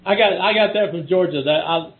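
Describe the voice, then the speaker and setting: A middle-aged man from Texas with a Texan accent rambles as a guest on a call, chatting casually with lots of restarts and repeated words. His voice is high-pitched and a little fast, and the audio sounds like a phone line.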